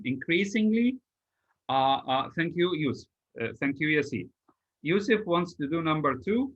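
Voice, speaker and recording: A male teacher on a video call runs an English lesson. His voice sits slightly high and sounds bright and forceful. He is patient, spells words out letter by letter, and fills pauses with hesitations. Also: animated, lo-fi sound. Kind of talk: online class drilling exam word formation.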